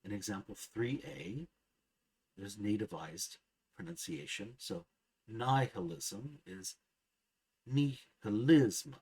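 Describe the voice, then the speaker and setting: A man narrating a scripted grammar lesson, measured and precise, slowly sounding out each example word. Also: lowish voice, lively intonation, creaky, breathy edge, poor audio. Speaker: language teacher.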